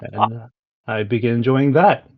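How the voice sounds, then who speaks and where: A man's voice: mid-range voice, a little slow. A man describing his role-play character in a hesitant way with many fillers. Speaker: player. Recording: dull online call audio.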